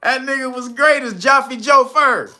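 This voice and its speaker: A man in his forties hosting a casual monologue, animated and emphatic, often laughing and swearing. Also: very high-pitched, measured pace. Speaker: channel host.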